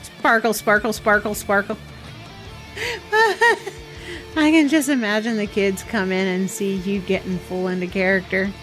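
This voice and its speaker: A woman streamer chatting casually on a live game stream, giggly and expressive. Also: medium pitch, unhurried, faint music behind.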